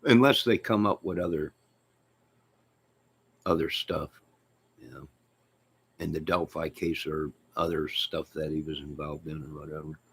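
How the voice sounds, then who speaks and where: A man hosting his own channel, chatting in a rambling, jokey way with sudden loud outbursts. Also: a bass voice, steady tone, unhurried, pauses often, breathy edge. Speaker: channel host. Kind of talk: rambling joking livestream chat.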